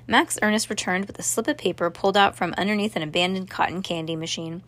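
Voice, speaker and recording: A woman narrating a children's story aloud, steady, with small restarts. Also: mid-range voice, fast. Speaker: reader.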